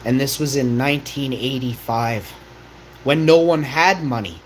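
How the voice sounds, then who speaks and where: A man's voice: medium pitch, a little slow. A man in his forties giving a confrontational, profane monologue as a vlog host, firing off rhetorical questions. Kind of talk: ranting monologue. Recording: roomy echo, faint noise.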